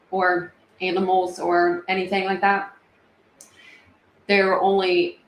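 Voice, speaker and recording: Chatty woman livestreaming in an echoey room. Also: lowish voice. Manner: chatty, emotional, many fillers. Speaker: livestream host. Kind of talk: casual livestream chat reading comments. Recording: echoey room with faint ambient noise.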